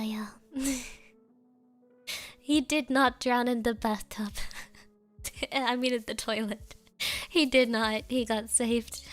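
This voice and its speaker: A woman streamer chatting casually with viewers, telling rambling stories with frequent giggles and Japanese filler words. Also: fairly high pitch.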